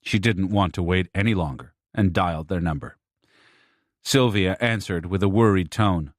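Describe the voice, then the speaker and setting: Low-voiced male audiobook narrator, dry. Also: moderate pace, no room sound. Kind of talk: scripted narration.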